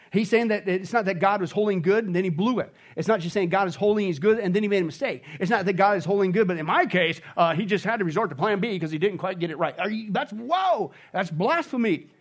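A male pastor preaching a sermon emphatically, often checking in with the congregation and swinging between loud exclamations and quiet, intense stretches. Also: sits high. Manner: repeats "okay?" and "contextually". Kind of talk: expository sermon.

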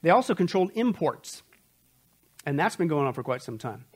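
High-voiced sarcastic male preacher. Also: very animated, slightly rough. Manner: emphatic, sarcastic, rapid asides. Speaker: Bible prophecy teacher. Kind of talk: sermon-style Bible study lecture.

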